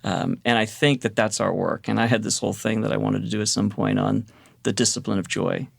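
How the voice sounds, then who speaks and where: A man co-hosting a podcast, telling stories in a lively, self-deprecating way in casual conversation. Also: on the low side, a little fast, creaky, no echo, clean studio sound. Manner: animated, self-deprecating storyteller. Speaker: podcast co-host.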